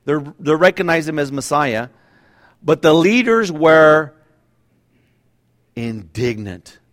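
Animated man preaching a sermon. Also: fairly high pitch, takes it slowly. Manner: conversational, animated preaching with laughs and acted-out voices. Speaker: pastor.

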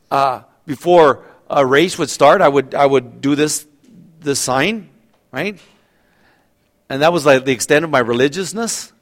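A middle-aged man preaches in a casual, conversational way. His voice sits a little higher than most men's. He keeps stopping to restart and checks in with the congregation through questions. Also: a bit bright. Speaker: pastor. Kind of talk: sermon.

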